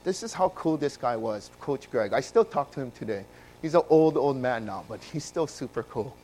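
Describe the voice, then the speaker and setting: A man from Hawaii, telling his own story in a sermon and swinging between loud bursts and hushed passages. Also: mid-range voice, lively intonation, moderate pace, a little hiss or hum, rough recording.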